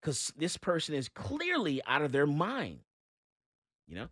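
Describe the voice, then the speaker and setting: Male talk host, lively pitch, blunt storyteller. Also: a little slow, no echo, clean studio sound. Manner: animated storytelling, blunt opinions. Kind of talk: casual talk radio chat.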